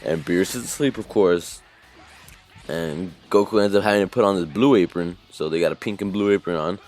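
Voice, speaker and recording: A man's voice: sits low, a little fast, a little mellow. Casual rambling male anime reviewer. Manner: rambling, lots of fillers and restarts. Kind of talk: casual episode recap.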